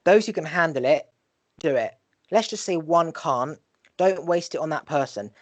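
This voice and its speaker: A male podcast host talking in an animated way, giving life advice in casual conversation and swearing freely. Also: a little high, moderate pace, dry recording.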